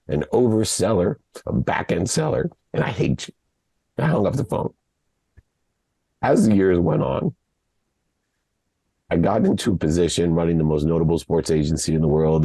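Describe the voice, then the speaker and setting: A man from Ohio, a podcast guest, telling a personal story in an emotional, halting way, often repeating words. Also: sits low, dark tone, no room sound. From Ohio, USA.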